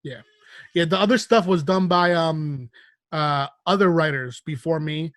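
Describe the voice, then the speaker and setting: A man's voice: on the high side, a little slow, fairly bright tone, dry recording. A man hosting a podcast who teases his guest in casual banter and swears now and then. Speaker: podcast host.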